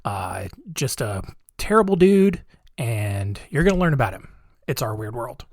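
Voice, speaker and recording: A man's voice: mid-range voice, big pitch swings, a little slow, no echo. Male podcast host, casual narration, sarcastic, dry close-mic sound. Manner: chatty, sarcastic asides.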